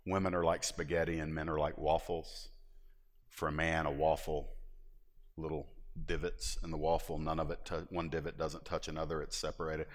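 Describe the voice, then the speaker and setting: A deep-voiced man preaches in a church sanctuary, and his words ring out through the large hall. He keeps it conversational and animated, making jokes with the congregation and slipping into excited, high character voices. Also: moderate pace. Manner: animated, jumps into high voices acting out David; conversational, joking asides to the congregation. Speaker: pastor. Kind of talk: sermon. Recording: long reverb of a large hall.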